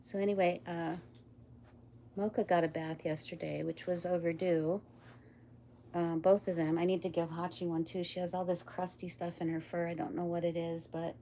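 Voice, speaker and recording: A woman's voice: on the low side, dark tone, a little hiss or hum. A woman chatting casually on a live stream, rambling, laughing often and talking to her pets and viewers.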